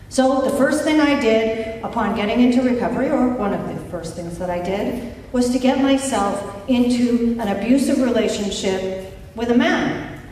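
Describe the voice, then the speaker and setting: A woman coach giving an inspirational conference talk, telling a candid personal story slowly, with wry humor. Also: a little high, darkish tone, slight background noise. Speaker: life and recovery coach, conference speaker. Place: conference hall. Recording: echoey hall from far off.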